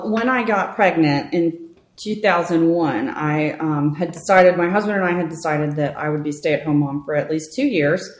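Thirties woman, realtor guest, lowish voice, talkative, echoey room. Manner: chatty, animated storytelling with fillers. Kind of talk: conversational interview. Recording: roomy echo.

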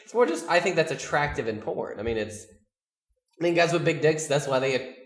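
A man's voice: a little high, lively intonation, fairly quick, reverberant. Rambling Southern man in casual podcast talk. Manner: rambling, blunt, swears freely. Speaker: podcast co-host.

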